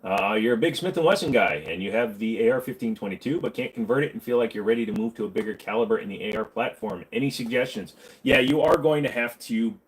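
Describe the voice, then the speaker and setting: A man with a fairly low voice hosts a casual livestream, fielding viewer questions with crude jokes and banter thrown back at his chat. The audio quality is poor.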